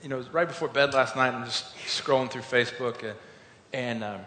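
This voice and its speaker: A man's voice: medium pitch, a little fast, slight background noise. Informal male preacher, storytelling sermon with emphatic surges, recorded in a reverberant hall. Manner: informal, storytelling, builds to loud emphatic peaks. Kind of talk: conversational sermon. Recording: echoey hall.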